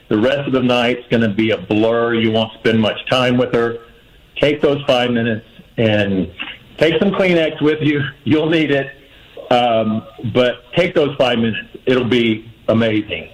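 A man's voice: mid-range voice, unhurried, poor audio. A man phoning in to a radio show, offering friendly, earnest advice and repeating his main point. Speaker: caller. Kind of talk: phone-in advice.

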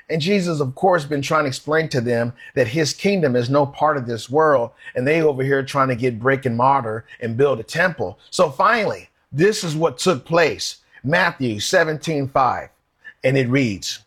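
Husky-voiced man preaching a sermon. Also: medium pitch, lively intonation, normal speed, a bit bright. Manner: earnest, rhetorical questions, reads verses aloud. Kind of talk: sermon with scripture reading.

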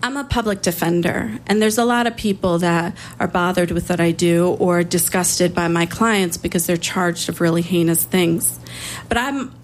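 A woman public defender telling a personal story in a conversational way, with small restarts and pauses. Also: lowish voice, steady tone, a little hiss or hum.

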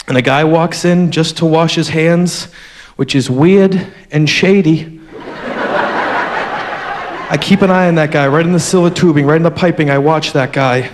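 A man doing a stand-up routine, telling a story with a deadpan delivery and sudden bursts. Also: a little high, a little hiss or hum. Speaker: stand-up comedian.

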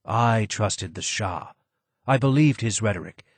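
Brief: hoarse, broken old former advisor, voiced by a male narrator; low, slow, heavy with sadness. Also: expressive, dry recording. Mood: sorrowful.

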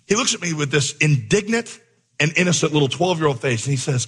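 A man preaching a sermon, telling a story with lively acted-out dialogue before turning to the message. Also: on the high side, fast talker, husky. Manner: animated storyteller, acts out dialogue. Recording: long hall reverb.

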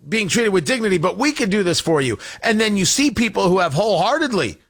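Guy ranting on a talk show, high voice that jumps around a lot, sarcastic and punchy. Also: fairly bright tone. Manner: combative, sarcastic, emphatic. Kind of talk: political commentary monologue.

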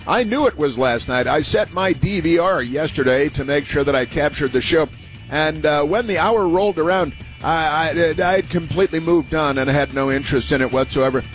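A man's voice: a little high, normal speed, soft background music. A man hosting a political talk radio show, rambling with many fillers and restarts.

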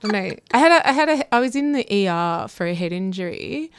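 A woman from Australia hosting a casual radio chat, chatty and quick to laugh. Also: medium pitch, expressive, clean tone, no room sound. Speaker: radio host.

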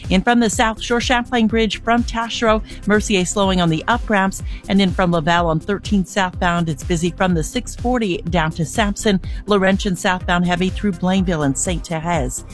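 A woman giving a brisk radio traffic report, listing stalled trucks and slowdowns. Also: medium pitch, soft background music.

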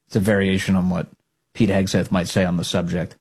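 A man hosting a talk radio show, giving opinionated commentary in an animated, sarcastic way. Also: a little fast, gravelly, breathy edge. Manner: animated, sarcastic, swings into high mocking voices.

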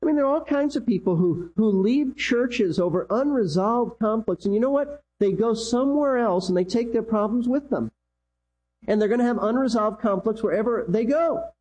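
Emphatic preacher with a husky mellow voice. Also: male voice, animated, normal speed, poor audio. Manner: emphatic preaching, repeats key lines, pitch swings. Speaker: pastor. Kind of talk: sermon.

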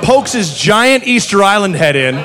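A man doing stand-up, telling a long story in an animated, profane way. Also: sits high, normal speed, heavy background noise. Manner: animated, profane, jumps into voices. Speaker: stand-up comedian.

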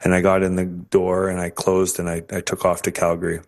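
A man's voice: sits low, monotone, a little fast, gravelly. A man from Canada telling his conversion story as an interview guest, earnest and emotional, with many restarts. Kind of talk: personal faith testimony.

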